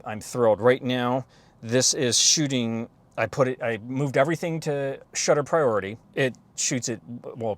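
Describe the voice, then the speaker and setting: A man chatting casually as a photography vlogger from inside his parked car, recorded by a camera on the dashboard, relaxed and rambling with casual swearing. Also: medium pitch. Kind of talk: casual rambling vlog talk. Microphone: camera mounted on the dashboard.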